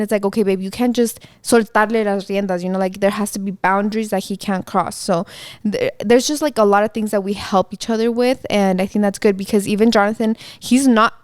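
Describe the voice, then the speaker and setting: Smooth-voiced earnest podcast co-host woman. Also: medium pitch, dry recording, clean studio sound. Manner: earnest, explaining with frequent "you know". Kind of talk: casual chat.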